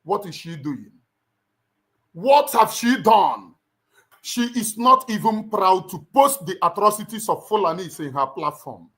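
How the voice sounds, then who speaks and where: A middle-aged man with a Nigerian accent addresses his livestream viewers in a fervent, sermon-like style. He repeats phrases for emphasis and presses each point home. His speaking voice sits somewhat high for a man. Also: animated, a little slow, bright, forceful tone. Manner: emphatic, repeats lines like a preacher. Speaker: livestream host.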